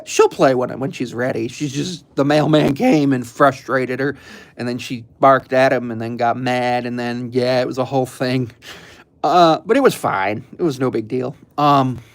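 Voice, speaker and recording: Young male streamer, casual chat, rambling and relaxed, mid-range voice, lots of filler. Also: medium pitch. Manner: rambling, laid-back, frequent ums and chuckles.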